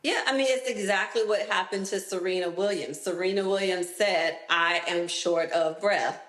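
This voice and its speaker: A woman interviewed as a health expert, answering in a clear, deliberate, explanatory way. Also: medium pitch, fairly bright tone, roomy sound.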